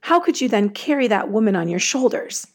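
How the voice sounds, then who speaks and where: A woman's voice: a little high, very animated, a little fast. A woman voicing an exasperated young male monk who blurts out an indignant question in a story she tells. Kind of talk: quoted story voice.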